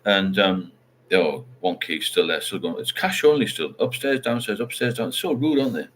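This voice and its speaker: A man's voice: lowish voice, animated, normal speed, a bit bright, a little hiss or hum. A middle-aged man, hosting a casual livestream chat and rambling while he reads out viewer comments. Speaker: livestream host.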